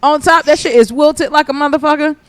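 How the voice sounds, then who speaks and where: A woman chatting as a podcast guest, telling stories in an animated, profane way. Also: high-pitched, a little fast, dry recording. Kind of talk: casual chat.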